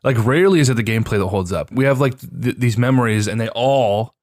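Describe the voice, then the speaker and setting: Animated young podcast man, dry mic. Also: medium pitch, dry recording. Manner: animated, quick reactions and swearing. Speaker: podcast co-host. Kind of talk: casual chat.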